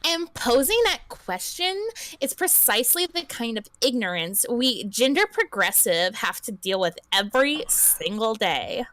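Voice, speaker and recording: Woman playing a prim cheerleader, indignant, slow drawn-out lecturing, dry sound. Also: a little high, sing-song, fairly bright tone, no echo.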